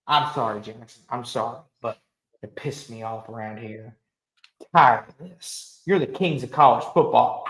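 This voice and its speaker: A man hosting a casual sports talk show, ranting emphatically and talking with animated energy. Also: medium pitch, a little slow, roomy sound, poor audio. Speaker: host.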